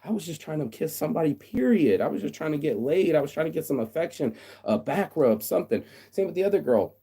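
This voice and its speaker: A man's voice: fairly high pitch, sing-song, fast talker, warm tone, breathy edge. A man delivering a blunt, profane rant straight to the camera in a casual vlog. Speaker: vlogger.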